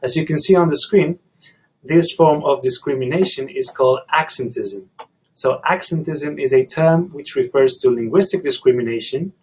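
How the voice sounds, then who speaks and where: A man with a slightly husky voice explains language in an educational video. He speaks in a measured, deliberate way and builds his argument point by point. His pitch sits at an ordinary middle level. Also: darkish tone, low-quality recording.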